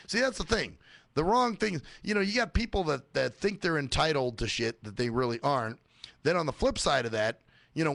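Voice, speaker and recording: Profane ranting man, gravelly voice. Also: medium pitch, fairly bright tone, no room sound. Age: adult working age. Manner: profane, sarcastic, mocking. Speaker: radio show host. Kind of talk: ranting monologue.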